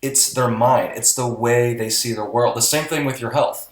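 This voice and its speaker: A man's voice: medium pitch, fairly even intonation, normal speed. A man co-hosting a podcast who talks in a blunt, motivational way and swears casually. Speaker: podcast co-host. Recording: roomy echo.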